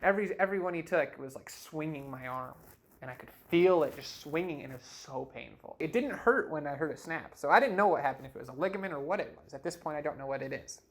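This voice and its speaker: Man telling a story in a lively, chatty way. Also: a little high, fast talker. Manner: animated, acts out the voices of others in his story; chatty, with frequent laughs and fillers like "you know". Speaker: storyteller recounting his life. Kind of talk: casual personal storytelling.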